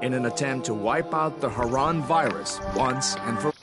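Man voicing a serious news anchor, loud music. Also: medium pitch, close to an everyday voice. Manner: measured, formal delivery. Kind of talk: scripted news report.

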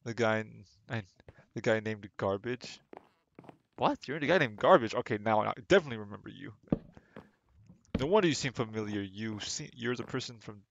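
Casually rambling through a live game stream, a young man talks to himself and his chat on a home desk mic, repeatedly restarting sentences as game music plays. His lowish voice is animated and gravelly at a moderate pace, though the audio is dull with slight background noise.

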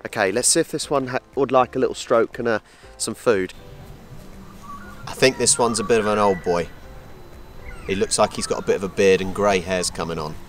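A man from England, chatting excitedly in a casual travel vlog at an outdoor wildlife park. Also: on the low side, normal speed, pauses often, faint music behind. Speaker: travel vlogger.

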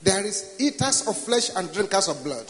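Nigerian pastor preaching in a large reverberant hall. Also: male voice, sits high, big pitch swings, moderate pace. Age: older. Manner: preaching with rising commanding prayer declarations. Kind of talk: sermon with prayer.

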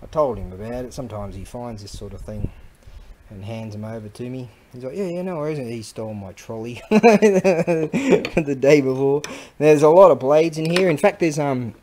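Aussie man, mid-pitched, rambling show-and-tell, noisy recording with clicks. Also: normal speed. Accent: Australian. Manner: rambling, excitable, slangy, with frequent restarts. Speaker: online seller showing items.

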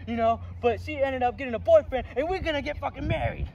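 An actor playing a hot-tempered, foul-mouthed fight instructor who curses and blusters, recorded outdoors. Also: male voice, a little high, expressive, brisk, highs cut off, lightly acted. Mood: blustering. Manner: cursing, blustering, filler-heavy. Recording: distant mic, clear outdoor noise.

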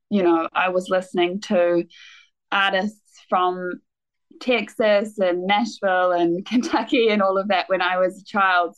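Woman, new zealand accent, thirties, guest musician, casual chat, laughs a lot, halting restarts. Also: mid-range voice, fairly bright tone, rough recording. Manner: laughs often, hesitant restarts.

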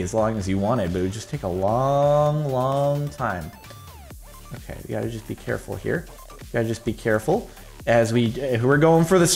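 A man's voice: medium pitch, vocal fry, a little mellow. A man giving casual, jokey commentary on his own gameplay, rambling and laughing as he plays. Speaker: gaming video host.

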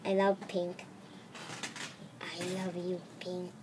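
A woman voicing a gentle, nice toy-pet girl who speaks softly and mildly. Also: on the low side, monotone, takes it slowly, a little hiss or hum, pitched below the performer's own voice.

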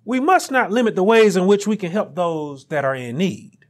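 Animated high-voiced male preacher. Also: moderate pace. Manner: preaching with rising emphatic peaks and quiet asides. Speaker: pastor. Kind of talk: sermon.

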